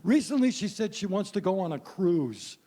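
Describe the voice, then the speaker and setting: High-voiced wry stand-up man. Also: sing-song, normal speed, warm tone. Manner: punchy, wry, addresses the crowd. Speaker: stand-up comedian. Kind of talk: stand-up comedy set. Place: stage before a live audience.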